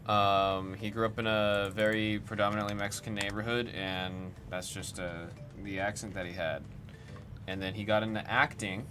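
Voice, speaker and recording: A man with a low voice hosts a casual livestream at his desk, running through lists in an easygoing, chatty way. Faint background noise sits under his voice. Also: flat delivery, moderate pace, fairly bright tone. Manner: chatty, reads off lists while working the computer. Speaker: livestream card break host.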